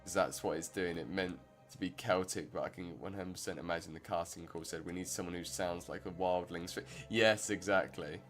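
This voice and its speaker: A man's voice: low-pitched, steady tone, fairly quick, hardly any pauses, fairly bright tone, faint music behind. A man giving rambling, chatty commentary while streaming a game. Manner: rambling, self-interrupting, chatty. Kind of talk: casual gameplay commentary.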